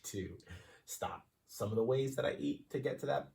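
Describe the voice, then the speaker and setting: A man's voice: medium pitch, animated, moderate pace, gravelly, dark tone, far from the mic. A young man co-hosting a podcast, chatting casually, swearing freely and repeating himself. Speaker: podcast co-host. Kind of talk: casual chat.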